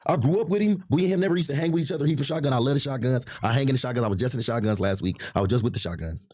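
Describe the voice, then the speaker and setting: Fast-talking husky man in his thirties. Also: mid-range voice, dry recording. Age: 30s. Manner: rapid, repetitive, animated storytelling. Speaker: podcast guest. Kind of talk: heated casual talk.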